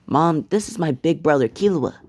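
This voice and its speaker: A man voicing an excitable, tearful young boy hero who stammers, in a fan-made storytime. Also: on the high side, normal speed, voice pushed up. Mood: excited.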